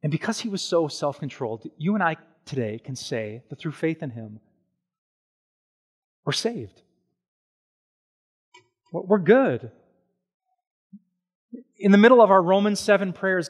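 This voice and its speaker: A man preaching a sermon as pastor, animated and conversational, with slow, hushed stretches on solemn points. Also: high-pitched, husky. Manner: animated and conversational, with everyday examples and quick asides.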